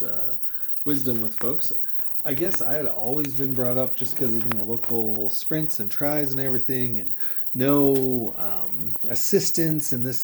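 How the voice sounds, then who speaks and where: A man's voice: medium pitch, warm tone, a little hiss or hum. A man in his thirties, a triathlete vlogger, telling a race story in a rambling, reflective way, full of fillers and quoted dialogue. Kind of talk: casual vlog storytelling.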